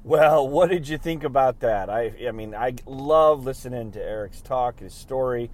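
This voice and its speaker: A man's voice: medium pitch, normal speed, a little mellow. A host in his forties talking casually, admiring and a little hesitant as he reflects on a talk. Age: 40s.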